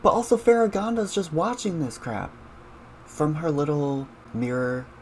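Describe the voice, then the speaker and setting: A man's voice: fairly high pitch, normal speed, a little mellow, slight background noise. A man hosting a casual reaction show, chatting with viewers about cartoon scenes and using lots of fillers.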